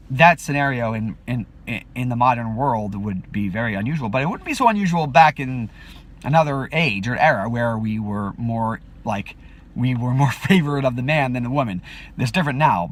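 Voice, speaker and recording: A man hosting a video, talking in a casual rambling monologue full of restarts and fillers. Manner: acts out quotes with sudden high-pitched outbursts. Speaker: video host.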